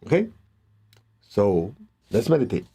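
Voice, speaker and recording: Calm man guiding a meditation, mellow voice. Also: on the low side, husky. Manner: calm, slow, gentle instructions. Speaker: meditation teacher. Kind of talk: guided meditation teaching.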